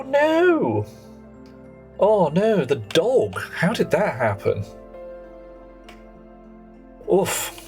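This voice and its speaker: A man, chatting jokily on a live game stream and reading viewer names aloud. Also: medium pitch. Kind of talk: live gameplay stream chat.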